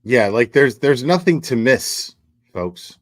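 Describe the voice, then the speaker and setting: A man hosting a live commentary stream, talking in a halting way with many fillers and restarts as he reads viewer messages. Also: mid-range voice, lively intonation. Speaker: livestream host.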